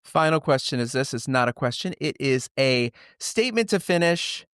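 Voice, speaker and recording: A man's voice: medium pitch, expressive, moderate pace, fairly bright tone, clear, resonant tone, no room sound, clean studio sound. A man hosting a casual interview show, upbeat and joking as he leads his guest through set questions. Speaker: podcast host.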